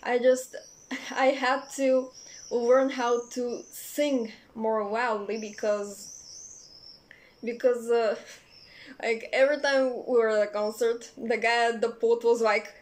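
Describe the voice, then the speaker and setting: A young woman telling a personal story in a casual, rambling way, swearing freely and filling pauses with "uh" and "like". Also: a little high, little pitch movement. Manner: rambling, profane, many fillers. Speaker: vlogger.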